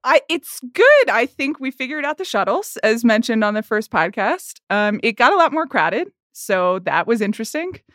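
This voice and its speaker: A woman co-hosting a casual film podcast, talking in a chatty, halting way with many restarts. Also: fairly high pitch, sing-song, a bit bright, dry recording, studio quality. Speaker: podcast co-host. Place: at a film festival.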